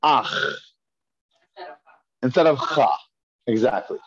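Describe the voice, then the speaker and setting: A man's voice: mid-range voice, expressive, a little slow, a little mellow. A man teaching a Hebrew reading lesson, patiently repeating and drilling each pronunciation for his students. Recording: dull lo-fi classroom recording.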